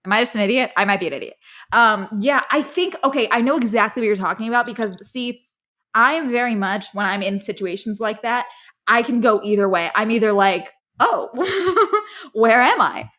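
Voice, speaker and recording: A young woman hosting a casual podcast, excitable and high strung, often laughing as she reads listener stories. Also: fairly quick, low-quality recording. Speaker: podcast host.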